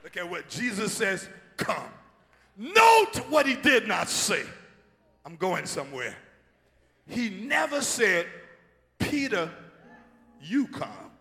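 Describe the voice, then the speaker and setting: A male pastor preaching a sermon, swinging from hushed asides to shouted call-and-response. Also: high-pitched, very animated, a little slow. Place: church sanctuary. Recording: long hall reverb.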